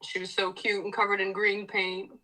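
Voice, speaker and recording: A woman's voice: mid-range voice, completely flat delivery, moderate pace, sharp tone, poor audio. A woman from Ireland, a musician guest in a casual interview, chatty, laughing often and swearing freely.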